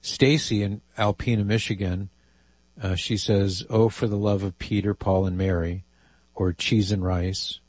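A man's voice: lowish voice, fairly even intonation, unhurried, a little mellow, no room sound. A man hosting a call-in radio show, reading listener emails aloud with amused asides. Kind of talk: casual call-in radio talk.

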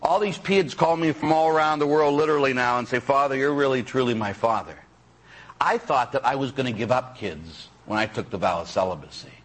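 A man preaching as a Catholic priest, telling stories in an animated way, acting out the people he quotes and breaking into sudden loud outbursts. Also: mid-range voice, fairly quick, low-quality recording. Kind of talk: sermon.

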